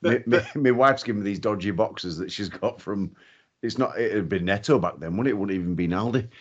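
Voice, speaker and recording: A man's voice: on the low side, a little fast, breathy edge. A man, chatting casually as a podcast co-host, swearing freely and laughing a lot while telling stories. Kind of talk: casual chat. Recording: dull lo-fi audio.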